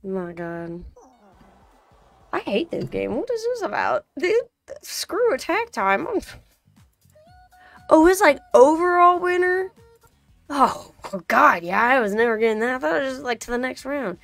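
A woman's voice: high-pitched, sing-song, a little slow, gravelly, pauses often, fairly bright tone, dry recording, soft background music. A woman streaming a game, muttering to herself in casual chatter and breaking into sudden frustrated outbursts.

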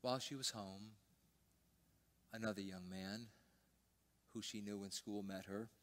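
An older man preaching a sermon as pastor, telling a personal story and swinging between loud emphasis and hushed, almost whispered lines. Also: lowish voice, fairly even intonation, measured pace. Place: church sanctuary.

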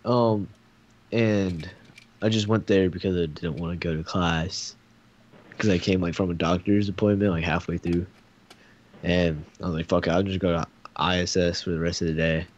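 A man's voice: sits low, fairly even intonation, normal speed, highs cut off. A young man telling a rambling story in casual chat, swearing often and full of fillers. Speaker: podcast co-host.

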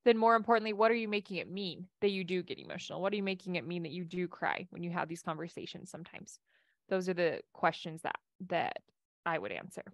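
A woman's voice: medium pitch, no room sound, clean studio sound. A woman life coach giving a casual coaching talk and answering audience questions, with a chatty delivery full of restarts.

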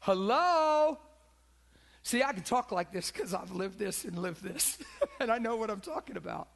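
A middle-aged male pastor delivers a sermon in a notably high voice. He preaches with passion, rising to loud calls and then sinking to hushed, intimate tones. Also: normal speed, gravelly, breathy edge. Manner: impassioned, rising and dropping to near whispers.

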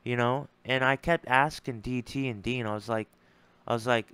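A man's voice: medium pitch, fairly even intonation, normal speed, fairly bright tone, clean tone, no echo. A man ranting bluntly and with profanity in a casual monologue, frustrated and repeating himself as he responds to an argument. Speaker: streamer responding to a debate.

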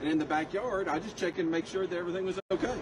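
A man working as a police officer, questioning someone in calm, procedural terms. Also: sits high, rapid-fire, crowd noise, background noise.

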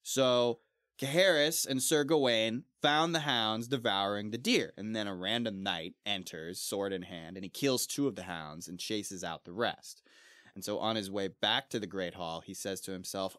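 A man talks through an old tale in a relaxed, joking way, dropping crude slang between archaic lines. His voice sits at an ordinary pitch. The recording is close and dry, with no room sound. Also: moderate pace, clean tone, no room sound. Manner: casual, laughs often, mixes archaic quotes with slang. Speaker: book club podcast host. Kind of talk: casual retelling of a book.

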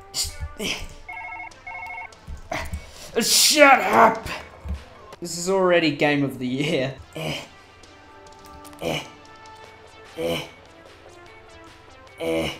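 A man gives game commentary in a deliberately bad, put-on action-hero movie star accent, drawn out slowly and mock-heroic. He curses freely and breaks into yelled outbursts. Faint music plays underneath. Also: a little high, vocal fry. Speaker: gamer. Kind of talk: let's play commentary.

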